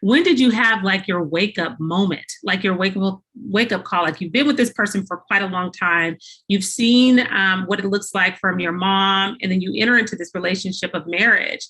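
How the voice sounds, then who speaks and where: Woman interviewer asking gentle questions. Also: medium pitch, normal speed, rough recording. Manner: supportive, frequent affirming murmurs.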